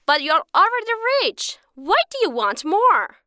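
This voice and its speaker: A woman's voice: high-pitched, sing-song, a little slow, pushed and bright, dry recording, studio quality, voice pushed up, full character voice. A woman voicing a small magical bird that speaks with patient, lecturing wisdom. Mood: earnest. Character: small magical talking bird, wise and calm.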